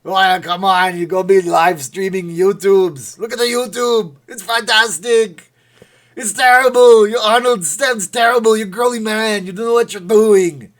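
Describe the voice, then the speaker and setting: A man doing a loud, throaty action-hero impression. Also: high-pitched, steady tone, measured pace, pitched above the performer's own voice. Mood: taunting. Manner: loud, spitting, throaty, shouting. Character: booming bodybuilder action-star impression, adult man.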